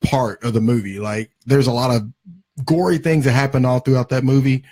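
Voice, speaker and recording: A man's voice: mid-range voice, fairly even intonation, moderate pace, darkish tone. A man co-hosting a podcast, chatting casually and enthusiastically in fragments. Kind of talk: casual chat.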